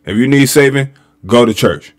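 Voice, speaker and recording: A man's voice: medium pitch, normal speed. A man hosting a reaction video, talking casually in slangy, profane, joking commentary.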